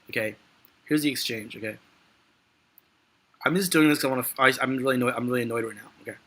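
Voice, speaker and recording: Bright-voiced, rambling market analyst man. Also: medium pitch. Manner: rambling, frustrated, joking. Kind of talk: live market commentary.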